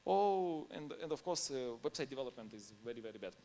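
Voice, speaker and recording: A man's voice: mid-range voice, lively intonation, brisk, warm tone. A man giving a conference talk in non-native English, informal and anecdotal, laughing now and then between points. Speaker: conference speaker.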